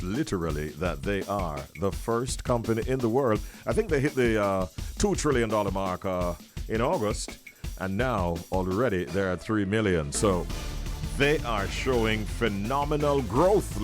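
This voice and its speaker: Man, jamaican accent, radio host, low-pitched, upbeat and chatty. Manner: upbeat, chatty, laughs often. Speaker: radio morning show host. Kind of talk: casual morning radio chat.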